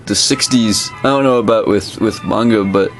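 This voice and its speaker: A man's voice: on the low side, normal speed, faint music behind. A man chatting casually as co-host, rambling with many restarts and dry asides about comics history. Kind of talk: casual chat.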